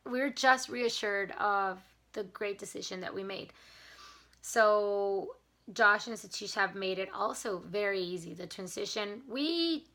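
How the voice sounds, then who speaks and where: A woman's voice: medium pitch, unhurried, pushed and bright. A woman vlogging in a casual, earnest chat to camera, grateful and a little emotional as she talks. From not from Canada. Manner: enthusiastic about mindset and gratitude.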